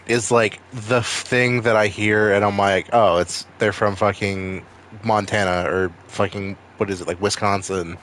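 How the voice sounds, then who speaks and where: A man's voice: lowish voice, fairly even intonation, measured pace, fairly bright tone. A young man from Maine with a Maine accent, rambling and swearing casually while streaming a game. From Maine, USA. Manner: rambling, profane, wisecracking. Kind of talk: casual gaming stream chat.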